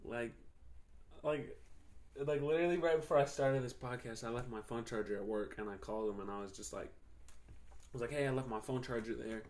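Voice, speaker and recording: A man's voice: medium pitch, fairly even intonation, normal speed, pauses often, a little mellow. Loose, profane young man telling stories. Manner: loose, profane, slangy and rambling, laughing often. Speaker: podcast host. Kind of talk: casual storytelling chat.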